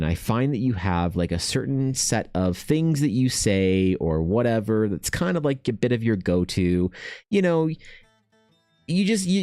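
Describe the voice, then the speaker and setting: A young man chatting casually on his art stream, rambling and swearing freely, often mimicking other people in quick high voices. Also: darkish tone, no echo. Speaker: artist streaming while painting.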